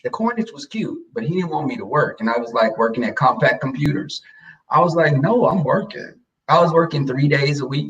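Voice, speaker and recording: A man telling a personal story in a casual chat, sassy and animated, acting out what people said. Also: a little high, far from the mic, low-quality recording. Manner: animated, sassy, acts out quoted lines.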